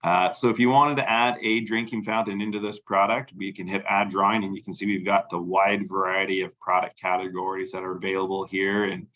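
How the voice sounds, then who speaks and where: A man hosting a webinar and walking through a software demo, speaking casually with many fillers. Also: deep voice, flat delivery, fairly quick, few pauses, muffled recording. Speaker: webinar host.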